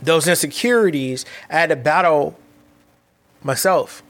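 A man's voice: fairly high pitch, measured pace. Candid man hosting a solo podcast. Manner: candid, reflective, with frequent restarts and casual slang. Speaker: podcast host. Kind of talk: solo motivational podcast monologue.

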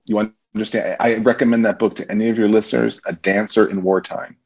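A man guest on a podcast, telling stories from his acting career in a lively, casual way and acting out the people he quotes. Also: lowish voice, quick pace, gravelly, slightly rough. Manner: animated storyteller, acts out quoted voices. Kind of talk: casual storytelling interview. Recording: muffled lo-fi recording.

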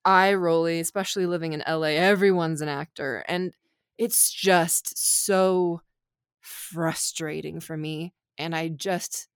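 A woman's voice: sits low, steady tone, measured pace, smooth, no room sound, clean studio sound. A woman in her thirties in a candid, casual conversation, venting her frustration with many fillers. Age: 30s.

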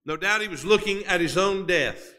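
Man, preacher, sermon, bright tense tone, dramatic pauses, emphatic build-ups. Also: high-pitched. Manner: reads scripture in old-fashioned wording.

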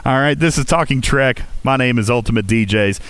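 A man's voice: mid-range voice, a little fast, fairly bright tone, no room sound. A man hosting a gaming podcast, talking casually and coaching listeners, often checking in with "okay?". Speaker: podcast host.

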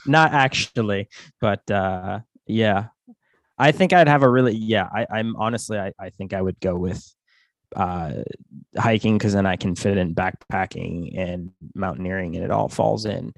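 A man's voice: lowish voice, normal speed, vocal fry, no room sound. A man co-hosting a podcast, talking in a casual, rambling way with many restarts. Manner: rambling, with restarts and self-corrections. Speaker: podcast co-host. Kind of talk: casual chat.

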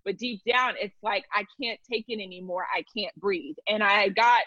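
A woman speaking as a guest in a candid conversation, earnest and reflective, often pausing and restarting. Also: medium pitch, bright, forceful tone, dry recording. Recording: dry, dull lo-fi sound.

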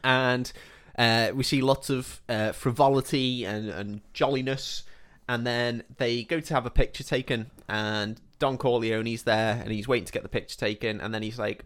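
A man's voice: medium pitch, steady tone, moderate pace, few pauses, fairly bright tone. A man co-hosting a podcast, casually recapping a film plot with frequent laughter. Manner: recounts the plot, laughs often. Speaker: podcast co-host.

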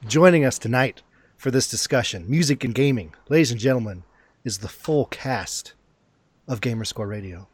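A man's voice: medium pitch, animated, normal speed, husky, no echo. A man hosting a podcast in a casual, jokey chat, laughing often. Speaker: podcast host.

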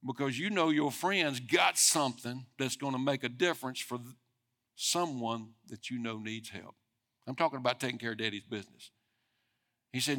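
A man's voice: mid-range voice, moderate pace. Man preaching a conversational sermon. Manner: conversational preaching, speeding up and swelling in loudness for emphasis. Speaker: pastor.

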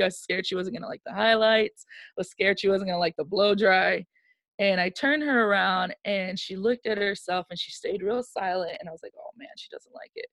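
Being interviewed, a woman shares an emotional personal story with candor, performing the quoted dialogue of its characters as an animated storyteller. Her voice is mid-range and gravelly, and the recording is dry.

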